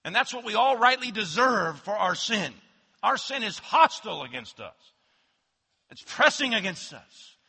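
A man preaching a sermon as pastor, swinging from loud emphatic declarations to hushed low asides. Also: big pitch swings, moderate pace, creaky, slightly rough. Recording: long hall reverb.

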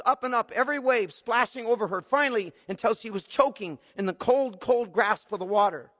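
High-voiced preacher guy, fiery storytelling sermon, long church echo, kinda muffled. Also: pushed and bright. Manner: impassioned storytelling with rising appeals. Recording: dull recording with long church reverb.

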